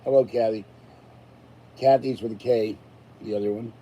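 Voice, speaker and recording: A tired older man from Pittsburgh, USA, hosts a channel and rambles and grumbles his way through a casual sign-off to a live stream. His voice is lowish and dark, with a steady tone and normal speed, and the audio quality is poor.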